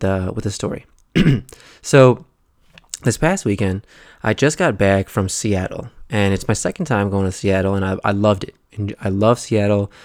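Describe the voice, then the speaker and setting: A man's voice: on the low side, darkish tone, no echo, studio quality. A young man hosting a casual solo podcast, rambling in a laid-back way with lots of fillers and "right?". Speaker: podcast host.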